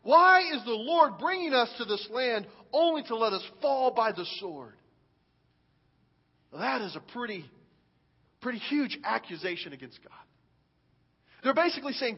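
A man preaching a sermon to his church, reading scripture with animated, dramatic swings in loudness. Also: extremely high pitch, normal speed, long pauses, breathy edge. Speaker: pastor. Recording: dull sound with long hall reverb.

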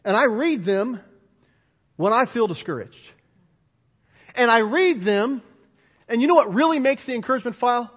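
A man's voice: extremely high pitch, normal speed, pauses often, breathy edge. Pastor, male, emphatic sermon delivery in a reverberant sanctuary, muffled lo-fi sound. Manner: animated, emphatic preaching with repeated lists. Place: church sanctuary. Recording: dull, hall-reverberant church recording.

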